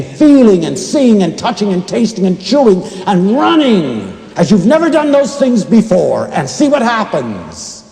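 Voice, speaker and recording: A man giving an emotional, expressive inspirational lecture as a university lecturer, swinging between hushed and emphatic delivery. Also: a little high. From United States. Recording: echoey lecture hall recording.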